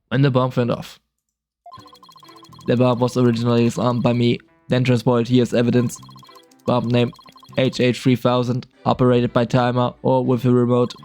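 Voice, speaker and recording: A man streaming a game, reading a terse male bomb expert in a flat, clipped, machine-like delivery. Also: mid-range voice, vocal fry, natural voice. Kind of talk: casual game dialogue reading.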